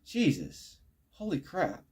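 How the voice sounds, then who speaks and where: A man's voice: a little high, huge pitch swings, takes it slowly, darkish tone. A man reading a list aloud from an online thread, breaking off to comment, look terms up and correct himself. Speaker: channel host reading a thread.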